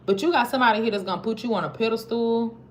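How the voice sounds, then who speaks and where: A woman's voice: fairly high pitch, very fast. Chatty Southern woman tarot reader. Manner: chatty, slangy, talks straight to viewers. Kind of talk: casual tarot reading for viewers. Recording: noisy with clicks.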